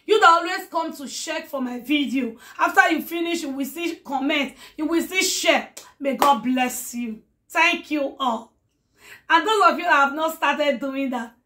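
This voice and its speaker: Slow, high-voiced effusive woman vlogger. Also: fairly bright tone. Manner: effusive, affectionate, blessing her viewers; repeats words in threes. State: hoarse. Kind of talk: casual talk to followers.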